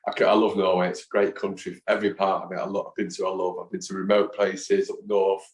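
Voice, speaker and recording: Deep-voiced man telling animated stories. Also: quick pace. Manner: animated storyteller who acts out quoted voices. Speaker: guest, football fan. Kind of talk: casual interview anecdotes. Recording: echoey room.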